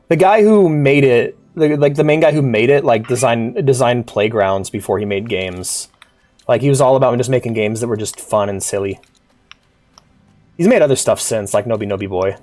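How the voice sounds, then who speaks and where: A streamer with a cough, chatting casually over live gameplay and shouting at the little on-screen character. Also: medium pitch, moderate pace, soft background music. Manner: animated, yelps and shouts at the game character. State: sick, coughing. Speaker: VTuber game streamer.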